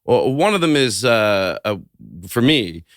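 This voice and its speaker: Animated man acting out bits, dry sound. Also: medium pitch, a little slow, smooth, dry recording. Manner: animated, acts out bits with sudden loud outbursts. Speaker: podcast guest. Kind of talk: casual chat.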